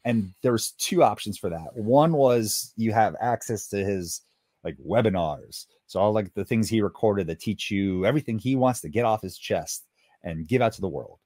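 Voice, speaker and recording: Lively low-voiced male co-host. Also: moderate pace, dry recording, studio quality. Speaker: podcast co-host. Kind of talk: casual chat.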